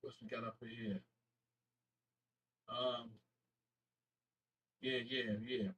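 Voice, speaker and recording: A man from Flint, Michigan, hosting his YouTube channel, casually shouting out viewers in slangy talk and stumbling over names as he corrects himself. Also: medium pitch, flat delivery, distant mic, slight background noise, rough recording. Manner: slangy, halting name reading with self-corrections.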